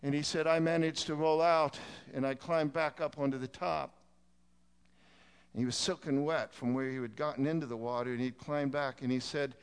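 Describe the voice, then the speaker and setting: Male preacher, sermon storytelling, clean resonant tone, rises from hushed to shouting. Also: mid-range voice, fairly even intonation, moderate pace, clear, resonant tone. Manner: builds from quiet telling to shouted pleading.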